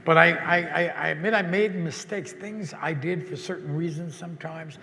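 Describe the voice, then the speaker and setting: Older male guest, gravelly and bright, fairly high, halting and reflective, reverberant hall. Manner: halting, repeats words while searching for thoughts. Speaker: interview guest. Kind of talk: reflective conversation.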